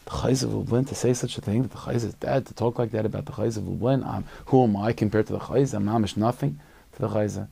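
An elderly rabbi speaks softly and earnestly , as a man voices him in a story. His voice is low, mellow and gravelly, kept quiet and searching. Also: fast talker, full character voice.

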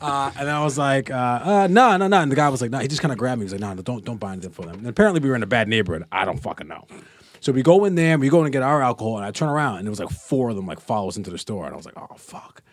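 Man telling a lively story, dry sound. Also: medium pitch, very fast, no room sound. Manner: animated anecdote-telling with laughs. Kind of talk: casual storytelling.

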